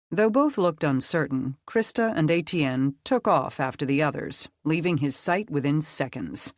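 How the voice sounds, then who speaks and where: An audiobook narrator reading a dark fantasy story in a steady, measured way. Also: medium pitch, no echo, clean studio sound.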